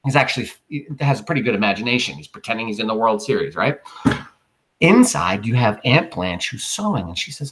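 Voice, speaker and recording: A man's voice: medium pitch, big pitch swings, fairly quick, fairly bright tone. A man teacher reading a play aloud to his class and stopping often to explain it in a chatty way. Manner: chatty, explains with many fillers.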